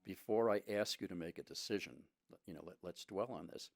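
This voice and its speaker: A man co-hosting a casual podcast conversation, speaking in a measured, reflective way with many restarts. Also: sits low, no room sound, studio quality. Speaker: podcast co-host.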